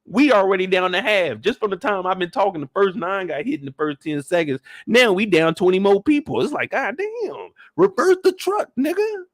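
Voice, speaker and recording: A young man streaming a live recap of a TV episode, riffing in an animated, profane, comic way and acting out scenes. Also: sits high, brisk, hardly any pauses, no room sound, clean studio sound. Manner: acts out scenes in shouted bursts.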